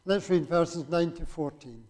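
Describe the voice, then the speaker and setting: A man preaching to a congregation in a rather high voice. He reads scripture aloud and talks in a conversational way, turning to the listeners with rhetorical questions. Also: measured pace, a little mellow. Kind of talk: sermon with scripture reading.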